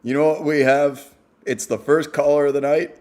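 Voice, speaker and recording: A man's voice: fairly high pitch, little pitch movement, normal speed, a little mellow. A man hosting a podcast, introducing a caller with wry asides. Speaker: host.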